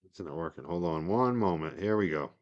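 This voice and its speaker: A man's voice: deep voice, animated, brisk, highs cut off. A man from the North Shore of Massachusetts with its accent, hosting a casual livestream in a rambling, chatty way with lots of fillers. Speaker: livestream host.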